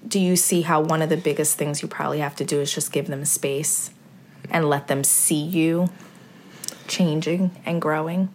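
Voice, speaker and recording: A woman's voice: low voice, fairly even intonation, moderate pace, darkish tone, slight background noise. A woman, a mother hosting a podcast, talking earnestly and with faith, with many fillers. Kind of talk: heartfelt podcast conversation.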